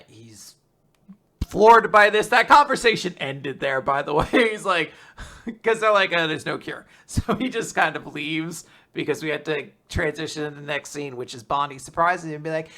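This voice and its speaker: A man hosting a casual podcast, recapping comic chapters and acting out the characters' lines with jumps in pitch and frequent laughter. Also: animated, normal speed, bright, forceful tone. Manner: acts out character quotes with shifting pitch, laughs often. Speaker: podcast host recapping manga.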